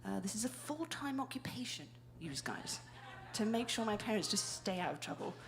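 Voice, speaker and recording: A woman's voice: mid-range voice, sing-song, normal speed, gravelly. A woman from the UK with a British accent, chatting and rambling on stage between songs at a live show. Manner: chatty, self-deprecating, rambling. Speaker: stage co-host. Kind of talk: casual on-stage banter. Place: live music venue.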